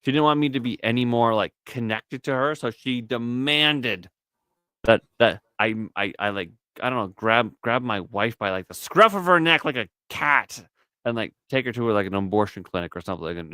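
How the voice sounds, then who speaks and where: A man's voice: medium pitch, expressive, normal speed, sharp tone, smooth, dry recording, studio quality. A man hosting a casual stream chat, rambling and swearing freely. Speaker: stream host.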